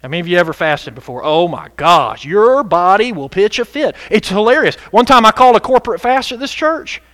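A man preaching a sermon as pastor, animated and conversational, breaking into sudden shouts for emphasis. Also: high voice, a little fast, no echo.

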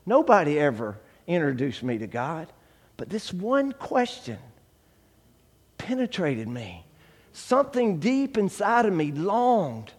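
High-voiced preacher in a reverberant hall. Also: male voice. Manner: storytelling, acting out dialogue, swings from hushed to shouting. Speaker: guest preacher giving testimony. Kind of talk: testimony sermon.

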